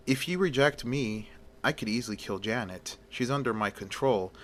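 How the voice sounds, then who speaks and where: A man reading aloud and voicing a scheming vampire countess in a soft, low, threatening way. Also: normal speed, a little hiss or hum, close to an everyday voice. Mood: menacing. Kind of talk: amateur storytelling.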